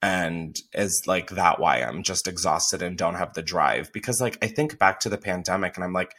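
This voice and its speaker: A man's voice: low-pitched, moderate pace, fairly bright tone. A young man hosting a podcast, chatting candidly with lots of swearing and laughter. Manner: candid, profane, laughs often. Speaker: podcast host. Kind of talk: casual chat.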